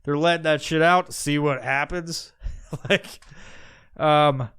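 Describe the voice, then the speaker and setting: A man's voice: fairly high pitch, steady tone, takes it slowly, a bit bright, clear, resonant tone, dry recording, clean studio sound. Rambling, profane podcast man. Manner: rambling, profane, with many restarts. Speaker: podcast host. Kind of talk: casual rambling monologue.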